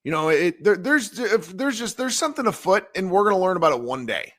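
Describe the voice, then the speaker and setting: A man co-hosting a casual podcast, talking in an animated way and often stammering and restarting. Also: high-pitched, brisk, dry recording, clean studio sound. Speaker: podcast co-host.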